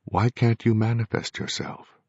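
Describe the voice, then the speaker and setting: A man's voice: mid-range voice, flat delivery, measured pace, darkish tone, dry recording, dull audio, pitched above the performer's own voice, natural voice. A man voicing a troubled middle-aged male psychic medium in an audiobook, with earnest, pleading questions.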